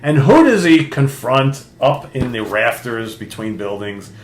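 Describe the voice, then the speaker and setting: A man's voice: mid-range voice, a little slow. Man, older, casual comic book recap, acts out lines, echoey room, faint hum. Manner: animated retelling, acting out characters' lines. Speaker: podcast co-host.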